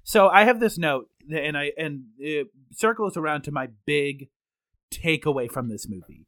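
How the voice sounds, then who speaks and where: A man with a somewhat high voice talking over a movie in casual chat. He weighs his points carefully and fills pauses with "like". The recording is close and dry. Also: animated, fairly bright tone, no room sound. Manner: thoughtful, qualifies points, many "like" fillers. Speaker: podcast co-host.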